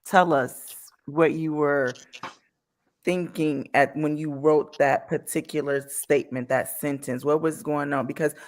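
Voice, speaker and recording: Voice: mid-range voice, steady tone, a little slow. An interviewer speaking with admiration and getting emotional while asking a question.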